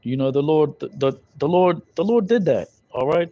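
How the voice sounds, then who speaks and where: A man's voice: a little high, lively intonation, moderate pace, few pauses, warm tone, no room sound. A man teaching scripture in a loose, conversational way, full of fillers and tag questions. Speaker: Bible teacher. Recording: dull lo-fi recording.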